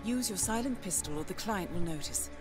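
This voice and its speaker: A woman voicing a calm, formal agency handler who briefs the player in a video game. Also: medium pitch, over music, natural voice. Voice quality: measured, formal.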